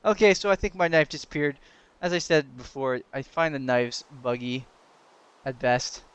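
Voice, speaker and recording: A young man giving casual gameplay commentary, excitable, laughing and yelping when danger comes, chatting to the game's creatures. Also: mid-range voice, moderate pace, clear, resonant tone, dry recording. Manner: excitable, yelps and laughs at danger, talks to game mobs. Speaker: gaming commentator.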